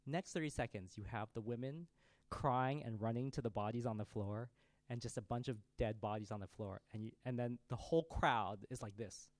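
A man in his thirties preaching a sermon, telling a family story in a conversational, animated way. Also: mid-range voice, brisk, no echo.

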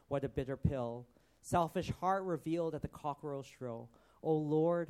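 A man's voice: medium pitch, darkish tone, clear, resonant tone, natural voice. A man reading a rhymed poem in the voice of a guilt-stricken male disciple who begs for mercy. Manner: rhymed, pleading poetic recitation.

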